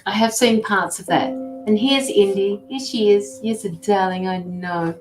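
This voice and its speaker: A chatty, affectionate woman talks through a casual livestream as a tarot reader. Her voice sits at a middling pitch and carries a roomy echo. Faint music plays underneath. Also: a little slow, a little mellow. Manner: chatty and affectionate, fussing over her dogs. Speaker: intuitive tarot reader and medium. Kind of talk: casual livestream chat with viewers.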